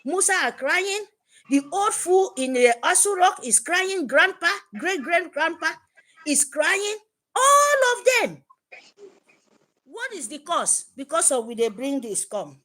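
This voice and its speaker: A woman's voice: extremely high pitch, lively intonation, measured pace, a bit bright. A woman with a Nigerian accent, giving an impassioned, repetitive address to her supporters. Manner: fervent, emphatic, repetitive. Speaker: activist speaker.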